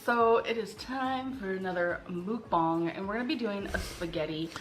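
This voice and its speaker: A woman vlogs about food straight to camera, rambling and relaxed. Her voice sits at a middle pitch. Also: normal speed, a little hiss or hum. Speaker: food vlogger. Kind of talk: casual vlog talk to camera.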